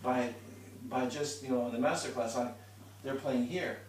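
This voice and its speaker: A man's voice: medium pitch, steady tone, moderate pace, slight background noise. A man giving a one-on-one violin lesson, explaining patiently and showing as he goes. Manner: patient, explains with demonstrations and restarts. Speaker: violin teacher. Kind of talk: one-on-one instruction. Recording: roomy, from a distance.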